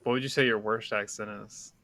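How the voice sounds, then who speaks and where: A man hosting a podcast, casually interviewing his guest and asking relaxed, curious follow-up questions. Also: on the low side, fairly quick, no room sound. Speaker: podcast host.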